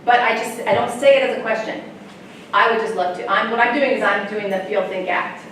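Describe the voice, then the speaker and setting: A woman's voice: mid-range voice, brisk. Woman, chatty educator, very echoey hall, far from the mic, faint background hum. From United States. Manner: chatty, animated, laughs often. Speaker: sex educator. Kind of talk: talk to an audience of parents.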